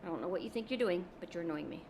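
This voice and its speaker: A woman's voice: fairly low pitch, expressive, very fast, noisy background. Chatty art streamer woman. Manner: chatty, rambling, with many ums. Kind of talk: casual live-stream chat.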